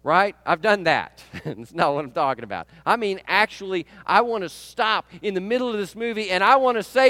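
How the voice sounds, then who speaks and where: A male pastor delivers a chatty sermon with a fairly high voice that leaps up and down constantly, checking in with his listeners and chuckling at his own anecdotes. The sound is close and dry, with no room echo. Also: expressive, normal speed, sharp tone. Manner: conversational, keeps asking the audience "right?"; laughs at his own stories.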